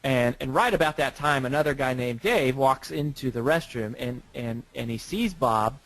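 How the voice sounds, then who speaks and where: A man's voice: mid-range voice, moderate pace, fairly bright tone, poor audio. A man who is a guest author, talking casually and telling stories, often repeating words as he starts a sentence. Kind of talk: casual interview talk.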